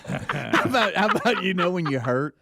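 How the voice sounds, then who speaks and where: A male radio co-host who asks playful, leading questions and laughs along. His slightly high voice swings widely up and down as he talks. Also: very animated, normal speed, gravelly, over a noisy crowd. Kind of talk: casual radio banter.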